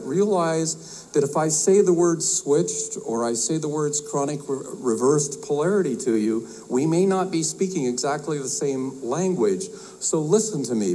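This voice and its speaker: Folksy, halting man giving a conference talk. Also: fairly high pitch, dark tone, poor audio. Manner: folksy, halting, many uh fillers and restarts; tells a joke with acted voices. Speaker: herbalist speaker at a health conference.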